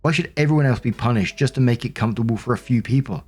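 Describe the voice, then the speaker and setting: A man's voice: mid-range voice, fast talker, darkish tone, husky, close to an everyday voice. A man voicing a self-pitying, defensive middle-aged mother who complains in a whiny, indignant, sarcastic way.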